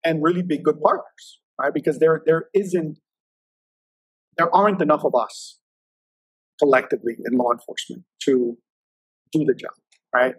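Husky man in his fifties telling stories. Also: fairly high pitch, normal speed, pauses often, no echo, rough recording. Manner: loose, filler-heavy, repeats words. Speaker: federal agent guest. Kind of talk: casual interview storytelling.

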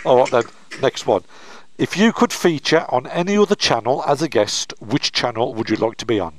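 A man's voice: medium pitch, animated, normal speed, dry recording, rough recording. West Midlands man asking teasing questions. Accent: West Midlands English. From West Midlands, England. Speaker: interviewer, host. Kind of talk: casual interview.

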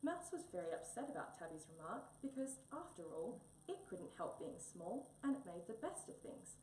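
A woman reading a children's picture book aloud in an expressive storybook manner. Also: on the low side, moderate pace. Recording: echoey room, mic a bit far, faint hum.

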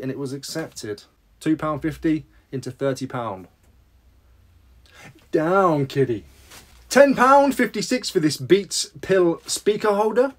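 A man's voice: on the high side, darkish tone. A man chatting casually in a vlog about his sales, rambling and making self-deprecating asides. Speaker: reseller vlogger.

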